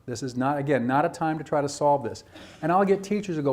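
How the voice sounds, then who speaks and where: Animated, high-voiced man giving a workshop. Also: fast. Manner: animated, acts out teachers and students, rhetorical questions. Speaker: presenter at a teacher training workshop. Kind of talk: lecture to educators.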